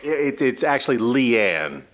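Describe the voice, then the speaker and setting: A man's voice: medium pitch, very animated, slow pace, a bit bright. Hesitant man hosting a mock tribute. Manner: hesitant, politely correcting. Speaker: host.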